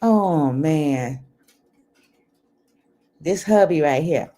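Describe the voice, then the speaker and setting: An older woman speaking in chats with viewers over her computer mic. Her delivery is unhurried, and her pitch swings widely as she greets people and laughs. She sometimes drops her voice to keep things quiet at home. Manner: chatty, animated, laughs often; talks softly at times. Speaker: livestream host. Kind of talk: casual chat with viewers. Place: home, indoors. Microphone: computer microphone.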